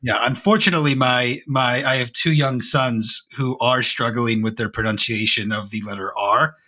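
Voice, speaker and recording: A man in his thirties, a guest in a podcast interview, speaks with a faded Philadelphia accent mixed with a little Boston. His voice sits at a middle pitch and has a bright, forceful edge. He is upbeat and affirming, and he often repeats his phrases. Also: fairly even intonation, moderate pace. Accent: faded Philadelphia with some Boston. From Philadelphia, USA. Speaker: guest, advisory firm founder. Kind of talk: conversational interview.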